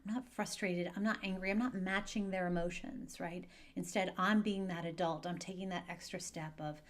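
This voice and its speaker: A woman with a slightly low voice talks parents through a hard moment with their children. She keeps her delivery calm, gentle and measured, and she sounds reassuring as she speaks directly to viewers in an advice video. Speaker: divorce and parenting coach.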